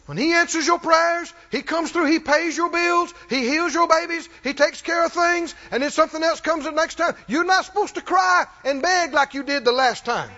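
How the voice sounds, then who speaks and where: A man's voice: very high voice, moderate pace, few pauses, bright, forceful tone. A man preaching a sermon with emphatic delivery, reading scripture and acting out quoted voices. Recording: muffled hall recording.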